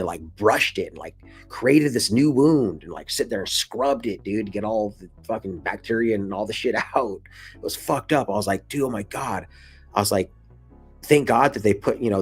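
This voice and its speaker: A man in his twenties telling a casual story to camera, swearing freely and calling the listener dude and bro. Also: slightly rough. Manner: acts out quoted lines in a much higher excited voice. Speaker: vlogger. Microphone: camera mic, showing scars to camera.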